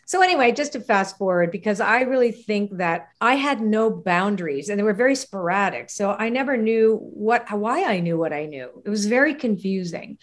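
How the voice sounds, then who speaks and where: Animated woman telling her life story. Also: mid-range voice, moderate pace, few pauses. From Canada. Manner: animated, laughs often, acts out quoted voices. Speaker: interview guest. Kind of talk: personal storytelling in conversation.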